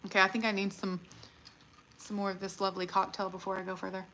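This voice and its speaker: A woman chatting casually on a livestream, excitable and laughing often as she talks her viewers through what she is doing. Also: mid-range voice, fairly quick, a little hiss or hum. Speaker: livestream host.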